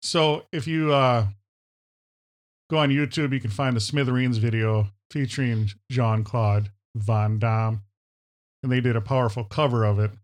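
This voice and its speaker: A man's voice: mid-range voice, steady tone, a little slow. A man from Minnesota co-hosting a casual chat show, enthusiastic and fond of repeating the word "powerful". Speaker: podcast co-host.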